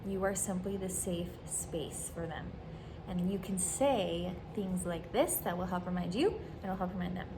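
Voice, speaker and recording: A woman with a lowish voice hosts a podcast, giving earnest advice to camera at normal speed over audible, steady background noise. She is warm and encouraging, and she acts out the remarks she quotes.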